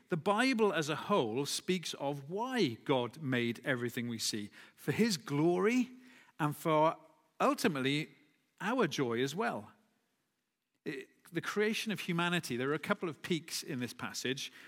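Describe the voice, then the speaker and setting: Preacher in a reverberant church hall. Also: male voice, medium pitch, fairly bright tone. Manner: conversational, with self-corrections and asides. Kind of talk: sermon.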